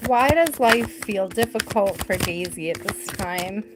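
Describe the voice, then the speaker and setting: A woman's voice: medium pitch, expressive, a little slow, heavy background noise. A middle-aged woman hosting a live tarot reading, chatting in an easygoing way with mild swearing. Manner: chatty, easygoing, mildly profane.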